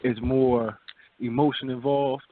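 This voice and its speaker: A man co-hosts a radio talk show in a laid-back, repetitive way, often checking in with listeners and frequently saying "you feel me." His medium-pitched voice is level and a little slow, and the casual, frank chat comes through with a dry, phone-like sound and no echo.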